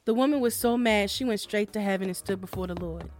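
A woman's voice: medium pitch, quick pace, faint music behind. Woman telling a folksy folktale. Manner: folksy, expressive reading. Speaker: host and storyteller. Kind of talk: folktale storytelling.

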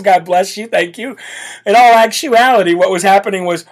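Man, American accent, brash political show host, high-pitched voice, loud laughs and chants. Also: normal speed, a little hiss or hum. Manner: brash, reads donor messages, leads prayer. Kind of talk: livestream political talk.

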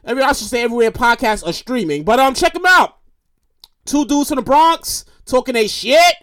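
Animated high-voiced woman podcast host. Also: brisk, dry recording, studio quality. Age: 30s. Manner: animated and profane, repeats phrases for emphasis. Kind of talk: casual solo podcast monologue.

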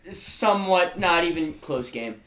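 A young man co-hosting a sports podcast, excitable and teasing, laughing with his friends. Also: on the high side, unhurried, crowd noise. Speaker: podcast co-host. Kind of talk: casual sports chat. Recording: echoey room with background noise.

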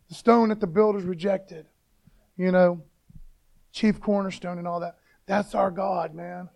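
A man's voice: high voice, steady tone, a little slow, gravelly, darkish tone. A man preaching an informal devotional talk, fired up and casual, calling listeners "man" again and again.

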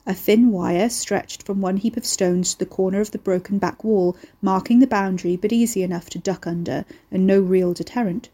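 A woman narrating a novel chapter as an audiobook, in a steady, measured way. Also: mid-range voice, husky.

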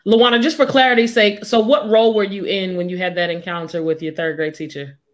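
Woman host moderating a panel, mid-pitched, halting delivery with lots of ums. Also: fairly even intonation. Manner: halting, many fillers while framing questions.

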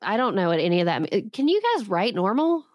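A woman in her thirties hosts a podcast, retelling a legend with sarcastic comic asides and lots of laughter. Her mid-range, darkish voice is very animated and quick. The recording is studio quality with no echo.

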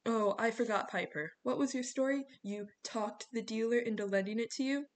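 A woman's voice: fairly high pitch, natural voice. Woman doing a wisecracking hyper teen boy. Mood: teasing. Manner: joking, fast-talking.

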